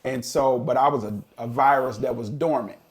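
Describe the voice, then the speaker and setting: Reflecting on his past, a middle-aged man who co-hosts a podcast shares a story in relaxed conversation. His mid-pitched voice has a gravelly, creaky edge, his intonation stays fairly even, and his moderate pace carries an earnest, thoughtful tone.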